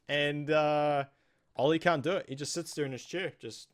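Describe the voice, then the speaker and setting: A man with a New Zealand accent talks through a TV episode in a loose, rambling way. His voice sits a little higher than most men's. He slips into the characters' lines as he retells the scenes. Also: fairly even intonation, normal speed. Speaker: host. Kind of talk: casual TV episode recap.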